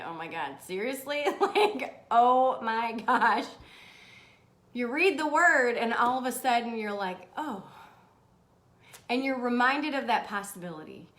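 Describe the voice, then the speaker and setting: A woman hosting a live motivational stream in a bubbly, animated manner, laughing often and swearing casually. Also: on the high side. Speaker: host. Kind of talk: livestream motivational talk.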